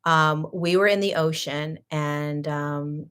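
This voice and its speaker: A woman hosting a casual talk, telling a personal story in an animated, laughing way that swings between loud and hushed. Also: low voice, slow pace, smooth. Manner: frequent 'like' and restarts, sarcastic. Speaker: host.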